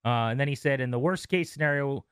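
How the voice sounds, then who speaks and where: A man's voice: mid-range voice, fast, clean tone, dry recording, studio quality. Man reading stories on radio chat. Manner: relaxed, reads stories aloud with asides. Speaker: radio host.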